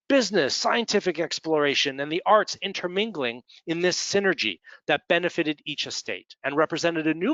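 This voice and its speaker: A man's voice: fairly high pitch, pushed and bright, dry recording, muffled recording. A man with an American Midwestern accent giving a conversational slide presentation, adding dry humorous asides. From United States. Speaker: speaker at executive development webinar.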